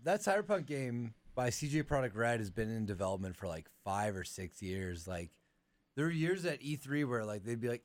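A man's voice: medium pitch, lively intonation, a little fast. Congested, chatty male podcast co-host. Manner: chatty, lots of "like" fillers. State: congested from allergies. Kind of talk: casual podcast chat.

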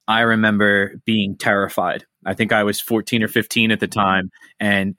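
A man in his forties co-hosting a casual podcast interview, telling an anecdote in a lively way. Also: on the low side, moderate pace, dry recording, clean studio sound. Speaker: podcast co-host.

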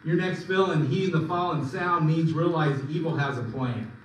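A man preaching in a fairly high voice, pressing his points with sudden rises and drops. He is heard from a distance in a very echoey hall, with a faint hum of room ambience behind him. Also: normal speed. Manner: emphatic preaching with sudden swings in pitch and volume. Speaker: pastor. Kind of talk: sermon.

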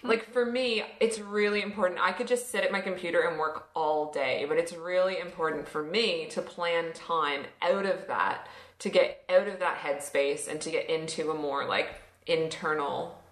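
Canadian woman co-host, lower voice, relaxed self-mocking chat, echoey room. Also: moderate pace. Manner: chatty, laughs easily, a bit self-mocking. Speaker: coach, podcast co-host. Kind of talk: casual chat. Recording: roomy echo.

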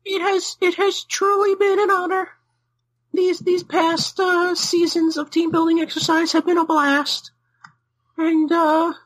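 A tiny, piping little male mascot who stammers and trips over his words. The voice sits very high and squeaky. He sounds sentimental and a bit tearful, like a cartoonish sidekick. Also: flat delivery, moderate pace, a bit bright, poor audio. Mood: sentimental farewell. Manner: stammering, repeats words, tearful farewell speech. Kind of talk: comedic character bit on a podcast.

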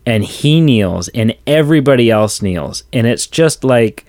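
A man's voice: mid-range voice, animated, unhurried, a little mellow, no echo, clean studio sound. A man co-hosting a podcast in casual movie chat, gushing with enthusiasm and acting out favorite lines. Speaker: podcast co-host.

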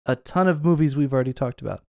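A man's voice: mid-range voice, fast talker, vocal fry, a little mellow, no room sound, clean studio sound. A man co-hosting a podcast, casually explaining a film theory at length in a lecturing tone. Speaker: podcast co-host.

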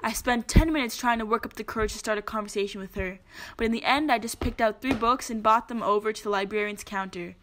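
A woman's voice: on the high side, fast talker, background noise. A woman reading riddles aloud in casual chat with friends, joking, swearing and laughing often.

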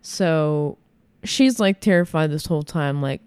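A woman chatting casually as a podcast co-host, retelling things in an animated way with lots of fillers. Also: low voice, unhurried, clean tone, no echo. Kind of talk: casual chat.

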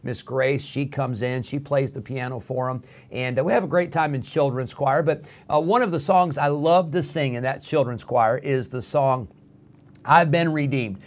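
A middle-aged pastor preaching an earnest radio sermon, often pausing on "uh" and building to fervent emphasis. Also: male voice, medium pitch.

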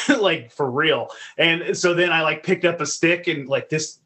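A man, a podcast guest, telling stories in casual chat, profane and animated. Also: on the high side, measured pace.

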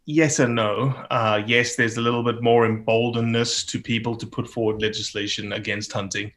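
A middle-aged man from Africa, talking as a podcast guest in energetic bursts. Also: medium pitch, normal speed. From South Africa. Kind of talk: casual podcast conversation.

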